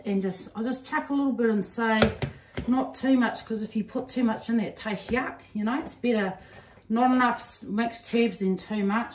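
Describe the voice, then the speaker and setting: A woman's voice: medium pitch, slight background noise. A middle-aged woman from New Zealand with a Kiwi accent touched by Australian, giving a homely, chatty cooking demonstration in her home kitchen, full of ums and slang. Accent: New Zealand with some Australian. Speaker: home cook. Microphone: camera on a stand, away from the speaker. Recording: echoey room, mic at a distance.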